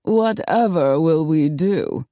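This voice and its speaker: Taking it slowly in a low, mellow, exaggerated voice, a woman performs an audiobook role as a haughty vampire aristocrat. The character speaks in a prim, coy, affected way, and the recording has no echo.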